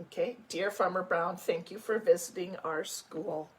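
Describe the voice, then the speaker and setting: A woman school principal reading a picture book aloud to children, with animated storytelling and chatty asides. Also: on the low side, moderate pace, husky. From United States.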